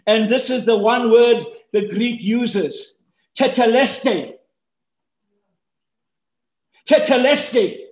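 A male pastor preaching a sermon, swinging from hushed tones to shouts and repeating key phrases for stress. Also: very high-pitched, slow, echoey room, highs cut off.

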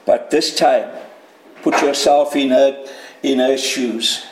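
A man's voice: medium pitch, fairly even intonation, takes it slowly, reverberant, rough recording. A man preaching a sermon, emphatic and addressing his listeners as friends.

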